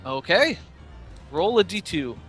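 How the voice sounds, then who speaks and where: Taking it slowly, a man with a high voice, big pitch swings, and a fairly bright tone acts as game master for a voice-chat tabletop game. He describes scenes and rulings easily, with many fillers, over faint background music.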